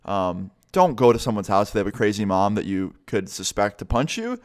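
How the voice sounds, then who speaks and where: Speaking fairly quickly with a fairly low pitch, a young man vlogs a story to his viewers. The retelling is casual, profane, and animated, with him swearing freely and voicing what others said.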